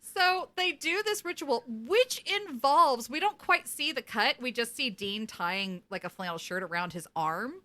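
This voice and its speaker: A young woman co-host with a bright, crisp voice retells a TV episode in a loose, chatty way. She is lively and quick to laugh, and swears casually. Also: fairly high pitch. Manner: animated, laughing, profane. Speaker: podcast co-host. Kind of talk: casual recap chat.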